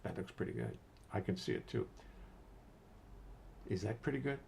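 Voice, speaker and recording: A man's voice: lowish voice, normal speed, vocal fry, darkish tone, a little hiss or hum. An older man casually hosting a livestream from his home studio, greeting viewers by name and muttering to himself as he adjusts settings.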